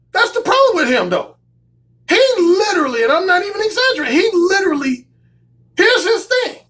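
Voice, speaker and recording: A man who coaches people on dating and comments on YouTube tells a story in a casual monologue, his voice very high and fairly bright. He's emphatic, repeats his phrases often, and swears freely.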